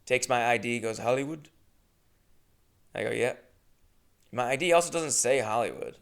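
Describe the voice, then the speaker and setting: Gravelly young man telling a rambling story. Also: medium pitch, fast talker. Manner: rambling, profane, animated. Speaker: podcast host. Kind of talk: comedic storytelling monologue.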